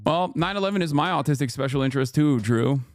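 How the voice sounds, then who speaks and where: A man in his thirties giving sarcastic, incredulous livestream commentary on posts, jumping to sudden high exclamations. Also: expressive, fast talker, faint music behind. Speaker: streamer reacting to posts.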